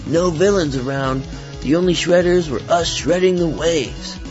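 A man's voice: a little high, a little slow, darkish tone, lo-fi sound, soft background music. A man reading his own short story aloud in a laid-back surfer voice. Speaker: story contributor.

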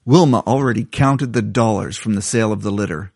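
A man reading his own short stories aloud in a measured storytelling delivery. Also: on the low side, creaky, darkish tone, slightly rough, no room sound, clean studio sound. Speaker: contributing story writer.

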